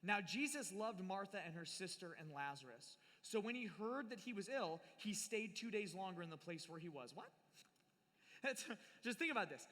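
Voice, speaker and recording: A youth speaker with a high-pitched, sharp voice gives a live sermon on scripture. He's playful and acts out the people in the story, recorded in a large hall with long reverb.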